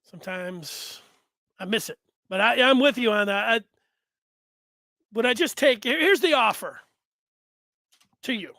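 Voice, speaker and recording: A man hosting a sports talk show, chatting casually and acting out announcers and fans with lively energy. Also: very high voice, unhurried, vocal fry, long pauses, dry recording. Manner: animated, acts out fans and announcers. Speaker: sports radio host.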